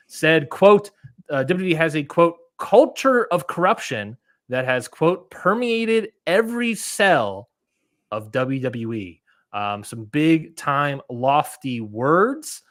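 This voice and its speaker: A man's voice: fairly high pitch, expressive, slow, a bit bright, no echo, clean studio sound. A man co-hosting a wrestling podcast in casual chat, rambling with lots of fillers and restarts. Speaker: podcast co-host.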